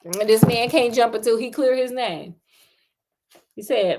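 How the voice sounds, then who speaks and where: A woman's voice: on the high side, a little slow, long pauses, a little mellow. A woman storyteller reading a story aloud, breaking off for sassy, laughing asides to her listeners.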